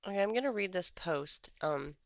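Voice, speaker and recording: A trading streamer chats through charts in a casual live commentary, drifting and thinking aloud. The voice has a gravelly, fry-edged texture. The sound is dry and a little dull, like a lo-fi home mic. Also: mid-range voice, expressive, normal speed, dry recording. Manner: rambling, thinks aloud while scrolling charts. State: has the hiccups.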